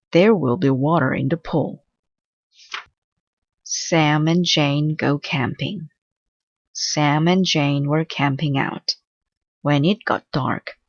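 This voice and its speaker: A woman reading a children's storybook aloud in a slow, clear read-aloud manner. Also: sits low, dry recording, highs cut off. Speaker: storybook reader.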